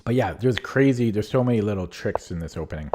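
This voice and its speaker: A man's voice: lowish voice, expressive, fast, dark tone, a little hiss or hum. A man commentating his own online chess games casually, thinking aloud with many fillers and restarts, his voice getting worn out. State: losing his voice. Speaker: chess streamer.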